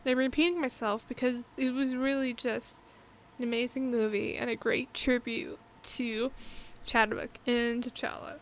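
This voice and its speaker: Fan reviewer, female, high-pitched, eager and emotional, trips over her own sentences. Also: unhurried, a little hiss or hum. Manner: excited, emotional, rambling with many restarts. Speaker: movie reviewer. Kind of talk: casual spoken movie review.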